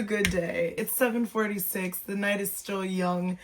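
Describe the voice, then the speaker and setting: A young woman vlogging candidly from home, animated and musing out loud with rhetorical questions. Her voice is mid-pitched. It bounces around a roomy space with faint music underneath. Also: measured pace. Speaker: lifestyle vlogger. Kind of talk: casual vlog talk to camera.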